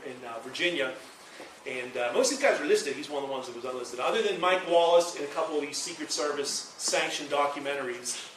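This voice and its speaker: Fast-talking man lecturing in an echoey hall. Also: mid-range voice, noisy background. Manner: rambling, animated storytelling with quoted dialogue. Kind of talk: university presentation. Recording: echoey room from far off.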